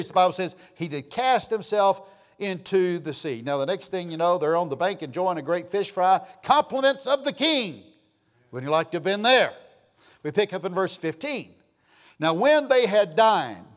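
An older pastor with a high voice preaches a sermon emphatically, calling for amens. He swings from loud bursts down to hushed lines.

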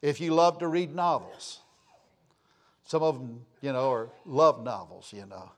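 Unhurried and medium in pitch, an older pastor preaches with emphasis and asks for amens. Loud bursts give way to hushed lines throughout.

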